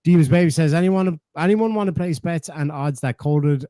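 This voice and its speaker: A man hosts a live stream and reads viewer donations aloud. He answers them with dry, profane quips. His voice sits a little high and sounds dry and close. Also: moderate pace, mellow, dry recording. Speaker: streamer host reading chat donations. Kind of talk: casual live-stream chat.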